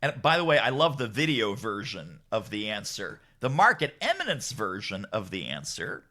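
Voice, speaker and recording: A middle-aged man, an author and business strategist, telling stories in a podcast conversation, acting out quotes and laughing often. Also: moderate pace. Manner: lively, acts out quotes with big pitch jumps, laughs often. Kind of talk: animated storytelling in podcast chat.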